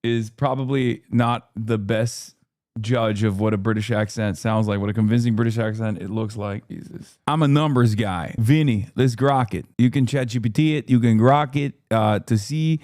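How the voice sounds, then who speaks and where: A man's voice: on the low side, normal speed, darkish tone, dry recording. Sardonic male streamer, dry sound. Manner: sardonic, talking to chat. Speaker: livestream host reacting to chat. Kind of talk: casual chat.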